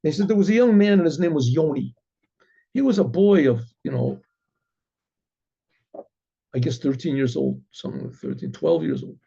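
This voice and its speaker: Gravelly man telling a story. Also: a little high, sing-song, moderate pace, long pauses, warm tone. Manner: rambling, many restarts and fillers. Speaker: rabbi storyteller. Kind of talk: casual spoken storytelling. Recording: dull lo-fi recording.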